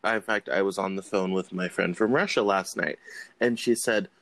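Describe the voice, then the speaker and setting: A man's voice: low-pitched, moderate pace, fairly bright tone, no echo. A man hosting an interview, asking questions in a casual, conversational way. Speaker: host.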